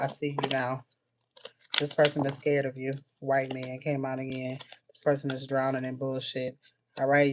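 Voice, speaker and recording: Woman, spiritual reader, flat delivery, clear noise and keyboard clicks behind her. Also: extremely low pitch. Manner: rapid-fire blunt messages, frequent "all right" and cursing. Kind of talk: casual intuitive reading to viewers.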